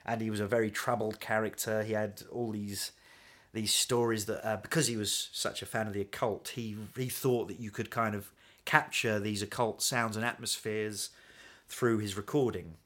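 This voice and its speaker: A man, a guest in a casual chat, telling stories in an animated, chatty way and laughing often. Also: on the low side, moderate pace. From England.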